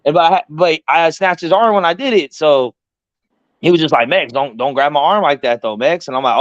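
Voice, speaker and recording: A man hosting a casual talk show, telling a story in an animated, profane way and acting out the voices of the people in it. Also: fairly high pitch, brisk, dry recording, lo-fi sound. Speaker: podcast host.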